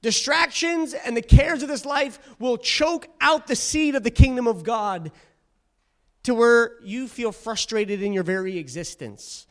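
A man preaching a sermon to a congregation in church, fervent and exhorting, calling on the listeners to answer back. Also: high-pitched.

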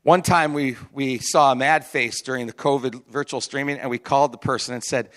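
A man's voice: fairly high pitch, a little fast, few pauses. A man preaching a sermon as pastor, in a chatty, conversational way with frequent asides and restarts.

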